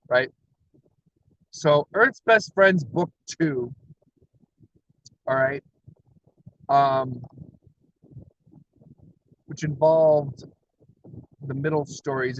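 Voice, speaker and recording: A man's voice: fairly high pitch, muffled recording. A man livestreaming from his parked car, rambling energetically with frequent laughs and self-deprecating asides. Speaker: comic creator livestreaming. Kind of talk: rambling solo livestream chat.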